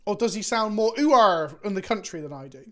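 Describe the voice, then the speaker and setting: A man's voice: high voice, lively intonation, brisk. A man from Britain hosting a tabletop game stream, chatty and teasing his friends. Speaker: host and player. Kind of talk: casual stream chat.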